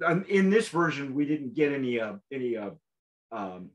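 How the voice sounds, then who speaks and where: A man hosting a casual tasting show, talking in a rambling, halting way with lots of restarts. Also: medium pitch, very animated, muffled recording. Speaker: show host.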